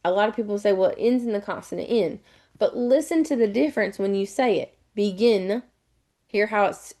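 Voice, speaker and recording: A middle-aged woman with a warm, mid-range voice teaches spelling rules in a live online lesson. She explains patiently and spells words out letter by letter.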